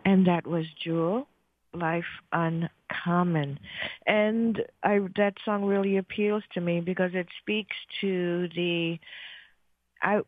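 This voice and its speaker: Slow, soothing woman guiding meditation. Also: fairly low pitch, steady tone. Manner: slow, soothing breathing instructions. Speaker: meditation guide. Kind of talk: guided meditation. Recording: thin phone-like dry audio.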